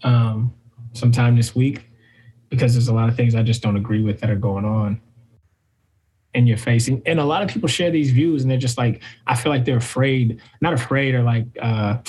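A man's voice: medium pitch, steady tone, moderate pace, darkish tone, slightly rough. A man co-hosting a podcast, chatting casually with frequent stammered restarts. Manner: stammering restarts, laid-back. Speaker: podcast co-host.

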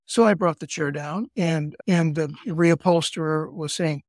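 An older man co-hosting a podcast, chatting casually and telling family stories with quick asides. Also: on the high side, darkish tone, no room sound, clean studio sound. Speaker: podcast co-host. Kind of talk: casual family-history chat.

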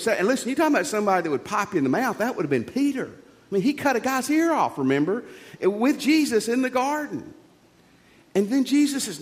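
A man preaching a sermon as a pastor, folksy and animated, with jokes and rhetorical questions. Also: extremely high pitch, a little fast. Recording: long reverb of a large hall.

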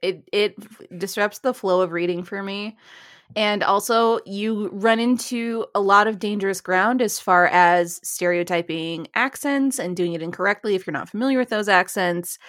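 A woman's voice: mid-range voice, normal speed, fairly bright tone, no echo, clean studio sound. A woman co-hosting a casual writing podcast, giving firm opinions and laughing often. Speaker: podcast co-host. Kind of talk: casual chat.

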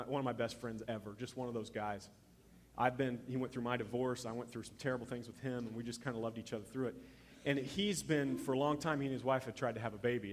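Animated male pastor in a reverberant hall. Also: mid-range voice. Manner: animated storytelling, acting out quoted voices. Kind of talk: sermon.

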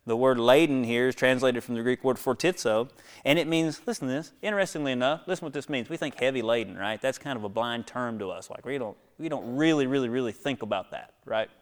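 A man preaching a sermon, swinging from hushed near-whispers to loud, high exhortations, with rhetorical questions and calls to the congregation. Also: fast, smooth. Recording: long echo of a large hall.

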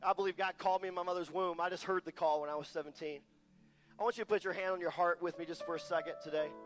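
A man's voice: sits high, steady tone, fast talker, fairly bright tone, faint music behind. A man preaching a passionate, emphatic sermon as a guest speaker, repeating lines for weight.

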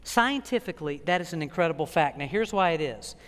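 A man preaching a sermon as pastor, animated and emphatic, with dramatic pauses. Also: fairly high pitch. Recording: long hall reverb.

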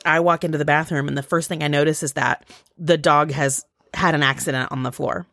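Low-voiced woman telling a rambling story. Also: a little fast, no echo, studio quality. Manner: rambling, animated storytelling with fillers and quoted voices. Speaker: podcast co-host. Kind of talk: casual storytelling chat.

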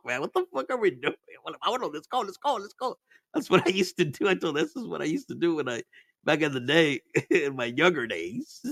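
A man's voice: a little high, creaky, dry recording, clean studio sound. A man telling stories in casual chat as a podcast host, laid-back and profane, laughing often and mixing Spanish into his English.

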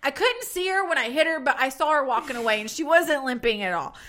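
Woman, 30s, casual storyteller, lively swooping voice, laughs a lot. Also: high-pitched, quick pace. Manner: animated, laughing often, acts out quotes. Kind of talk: casual chat.

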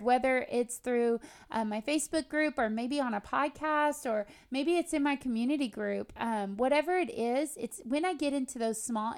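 Earnest woman teaching on a faith podcast. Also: a little high. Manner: earnest, conversational, personal storytelling. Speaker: podcast host and Bible teacher.

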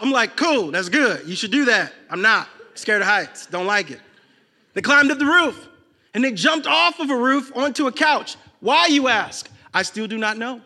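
Man, pastor, sermon, high-pitched, bright, shouts then goes quiet. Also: animated, moderate pace.

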